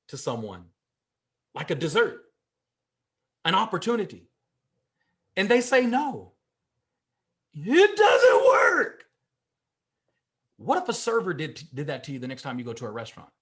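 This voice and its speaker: A man giving a motivational speech, emphatic and repetitive, with sudden swings in pitch and loudness. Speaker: motivational speaker.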